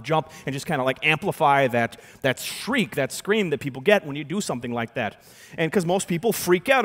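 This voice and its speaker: Man telling a story in an echoing hall. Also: fairly high pitch. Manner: animated storytelling with sudden loud and soft turns. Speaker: keynote speaker. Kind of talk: storytelling keynote talk. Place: large conference hall. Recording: long hall reverb.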